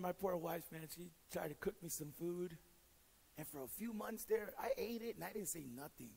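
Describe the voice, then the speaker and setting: A male pastor with a high, raspy, gravelly, slightly mellow voice preaches fairly quickly in a big room, on a low-quality recording. His sermon blends stories with teaching, delivered directly and jokingly with self-deprecation, and he often repeats and restarts words.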